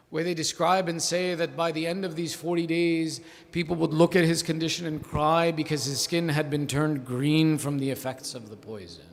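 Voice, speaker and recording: A man preaching a mourning sermon, building from a slow, low telling to a loud, wailing lament. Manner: quotes figures in a pleading voice without acting them out.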